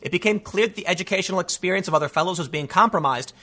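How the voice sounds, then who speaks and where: Reading news stories aloud on his opinionated commentary show, a male host ridicules them with sarcastic, meandering asides. He speaks very fast in a high, bright, forceful voice.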